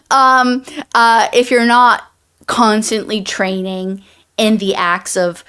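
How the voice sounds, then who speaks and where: A woman's voice: a little high, measured pace, a bit bright, smooth. A woman co-hosting a book review podcast, summarizing the plot in casual chat, rambling with many restarts and fillers.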